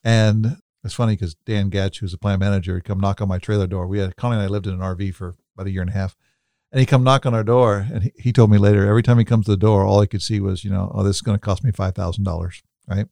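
This podcast co-host takes a considered, coach-like approach, drawing on personal anecdotes as he reflects. He talks quickly in a lowish, gravelly, warm voice with fairly even intonation and no room sound.

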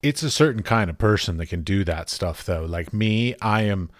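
Casting note: forties male host, low voice, dry close sound, rambling jokey questions. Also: lively intonation, normal speed, dry recording. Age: 40s. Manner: rambling, self-interrupting, jokey. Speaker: podcast host. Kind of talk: casual interview chat.

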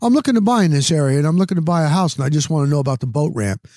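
A man's voice: fairly high pitch, animated, rapid-fire, warm tone, no echo, close to an everyday voice. Anecdote cameo: a man playing a blunt stranger in his sixties, curt and oblivious, dry close sound.

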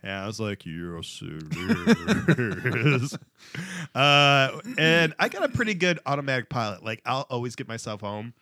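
Dry, close-miked and free of any room sound, this young man speaks at a medium pitch. He tells a rambling, laughing story on a podcast and keeps stumbling over fillers. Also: big pitch swings, normal speed, pushed and bright, clear, resonant tone, dry recording. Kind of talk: casual storytelling chat.

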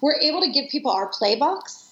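A woman in her forties tells personal stories in an interview, sounding earnest and reflective. Her voice sits a little high. The room is echoey and the sound is dull and lo-fi. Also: sing-song, fairly quick, fairly bright tone. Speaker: guest. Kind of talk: conversational interview.

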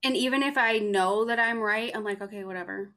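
A woman's voice: mid-range voice, a little fast, bright, forceful tone. A woman in her thirties chatting as a podcast guest, joking about herself and laughing easily. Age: 30s. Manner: self-deprecating, laughs easily. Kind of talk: casual chat.

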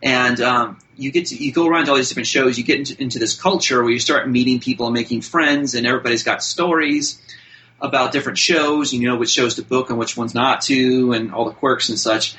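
A man with a bright, forceful voice tells a casual showbiz anecdote as a podcast guest. His talk is chatty and loose, with frequent fillers and restarts, at a middle pitch. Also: a little fast, poor audio.

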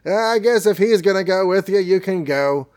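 A man's voice: high-pitched, expressive, moderate pace, darkish tone, voice pushed up. A man voicing a doting, fussy elderly aunt from a cartoon recap. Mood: fretful.

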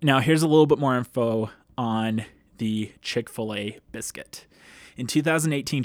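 A man's voice: mid-range voice, dry recording. A man hosting a podcast, talking in a casual, enthusiastic way with frequent laughs. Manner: enthusiastic, chatty, laughs often. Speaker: podcast host.

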